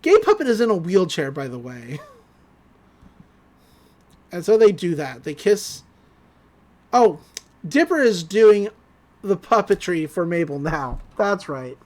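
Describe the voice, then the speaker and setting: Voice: medium pitch, very animated, takes it slowly, long pauses, a little mellow. A podcast host recapping a cartoon episode in casual chat, laughing often and acting out the characters' lines.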